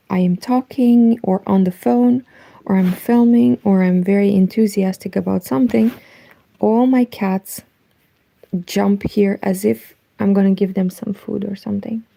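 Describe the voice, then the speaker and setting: A woman from Eastern Europe with a Romanian accent, speaking Romanian natively, chatting softly at home late at night on a knitting livestream, her voice nearly gone. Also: medium pitch, measured pace, creaky. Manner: soft-spoken, reads chat aloud. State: nearly lost voice.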